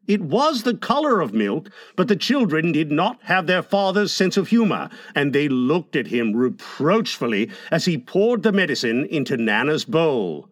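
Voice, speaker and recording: A man narrating a classic children's story in a measured, expressive way. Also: a little high.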